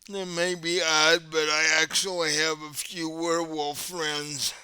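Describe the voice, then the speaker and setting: A man voicing a composed, centuries-old vampire prince who speaks with calm courtesy, in a tabletop game. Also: fairly high pitch, clean tone, dry recording. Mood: courteous. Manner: calm, courteous, unhurried host tone.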